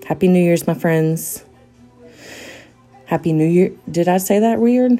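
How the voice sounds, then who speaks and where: A woman's voice: fairly low pitch, unhurried, pauses often, dark tone, faint music behind. A woman hosting a podcast in a casual monologue, rambling with lots of fillers and restarts. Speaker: podcast host.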